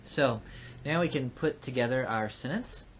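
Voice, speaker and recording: A man teaching a recorded lesson, explaining patiently with frequent pauses and fillers. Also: mid-range voice, a bit bright, a little hiss or hum. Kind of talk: recorded lecture.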